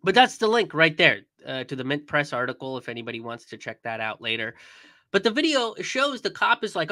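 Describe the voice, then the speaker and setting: A man's voice: on the high side, sing-song, fairly quick, sharp tone, dry recording. Angry, swearing young man commenting. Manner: angry, profane, emphatic with many fillers. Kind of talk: live-stream commentary.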